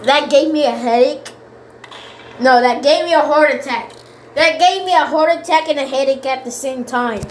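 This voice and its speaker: A woman giving casual, rambling game commentary, excitable and repeating her pleas over and over. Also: high voice, moderate pace, background noise. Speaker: gameplay commentator.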